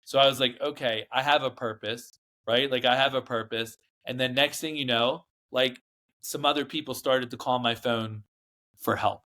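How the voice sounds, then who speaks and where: Here a man is the guest, rambling through memories of his past and stressing points hard, often voicing what others told him. His mid-range voice holds steady at a normal speed, bright and forceful. It's a frank interview built on storytelling.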